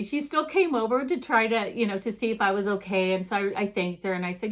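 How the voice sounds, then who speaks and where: A woman's voice: medium pitch, fast talker. An older woman shares a personal testimony as host of a ministry video. She tells it earnestly and plainly, and at times she acts out her own calls for help.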